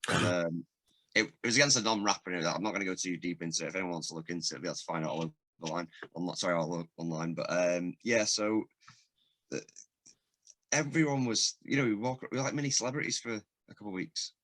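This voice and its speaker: A man's voice: deep voice, fairly even intonation, fast, a bit bright. A man, a rapper and producer, talking as a guest on a casual podcast, rambling through stories with lots of swearing and laughter. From England. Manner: swears a lot, laughs often, rambling storyteller.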